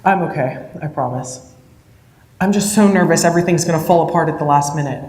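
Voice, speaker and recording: A woman's voice: deep voice, brisk, a little mellow, natural voice. Woman playing an uptight young fiance. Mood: apologetic. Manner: impatient and scolding, then apologetic. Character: anxious young male fiance, high-strung. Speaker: student actor. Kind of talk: stage play acting. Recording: echoey hall from far off.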